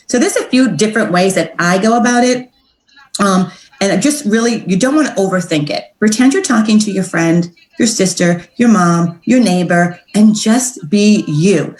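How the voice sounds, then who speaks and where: A woman giving a casual training talk on direct sales, upbeat and chatty, acting out sample messages in a brighter voice. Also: mid-range voice, reverberant, poor audio.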